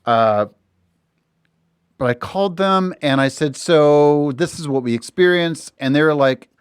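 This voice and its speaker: Man, middle-aged, podcast host, casual storytelling, smooth voice, dry studio sound. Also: on the high side, measured pace, no room sound. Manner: animated, slips into voices when quoting others. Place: recording studio.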